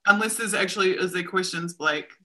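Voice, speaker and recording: A woman's voice: on the low side, fairly quick, bright, forceful tone, poor audio. A woman with a New Zealand accent hosting a casual livestream chat from home, laughing often and poking fun at herself. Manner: chatty, laughs often, self-mocking. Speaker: host. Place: home room.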